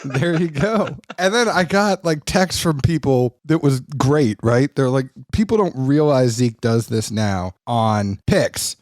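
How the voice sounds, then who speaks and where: Relaxed male podcast host, dry sound. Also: mid-range voice, slow, hardly any pauses, dry recording. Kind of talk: casual chat and read ad.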